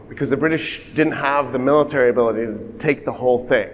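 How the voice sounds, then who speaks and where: A man's voice: medium pitch, fast. Man explaining history in a big reverberant space. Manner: lively storytelling with voiced asides. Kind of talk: casual history lesson. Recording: long reverb.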